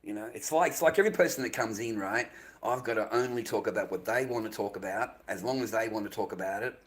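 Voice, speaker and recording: A man's voice: on the low side, fast, poor audio. An Australian man rambling bluntly on his live stream, profane and dismissive, repeating himself and often dropping to a mutter.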